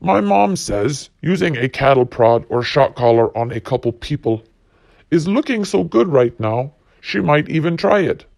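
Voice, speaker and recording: A man's voice: fairly high pitch, very animated, moderate pace, gravelly, a little mellow, no echo. A man hosting a solo podcast, ranting bluntly and profanely while reading quotes. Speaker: podcast host.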